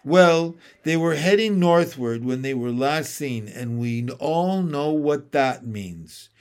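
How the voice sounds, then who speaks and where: Talking beaver in a storybook, folksy and earnest, voiced by a male reader, slow, raised voice. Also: on the high side, animated, smooth. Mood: grave. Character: gruff, gloomy but hearty male talking beaver.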